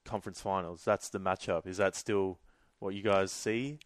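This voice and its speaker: A man's voice: deep voice, steady tone, moderate pace, no room sound. A young man co-hosting a podcast, chatting casually and animatedly about sports. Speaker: podcast co-host.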